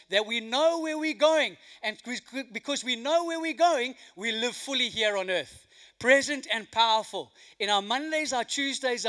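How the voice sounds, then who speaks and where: Animated high-voiced man preaching. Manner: animated, swinging from loud emphasis to hushed quiet. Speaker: pastor. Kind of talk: sermon with a told joke. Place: church hall.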